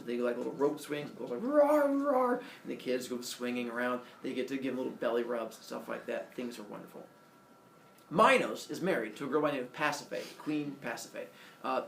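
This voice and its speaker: A man casually retelling a myth with playful, animated delivery and silly character voices. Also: mid-range voice, gravelly. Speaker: storyteller. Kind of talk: casual oral storytelling. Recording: echoey room, mic from far off, faint noise.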